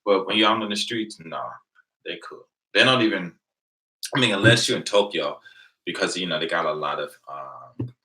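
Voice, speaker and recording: A man's voice: deep voice, pushed and bright, rough recording. A man from the United States hosting a casual channel, chatting with viewers and telling stories, acting out the exchanges he quotes. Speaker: channel host.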